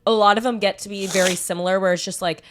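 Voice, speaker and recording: A woman's voice: medium pitch, fairly even intonation, fast talker, a bit bright, slight background noise. A young woman co-hosting a podcast, chatting casually and giving blunt, profane advice. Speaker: podcast co-host. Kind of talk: casual chat.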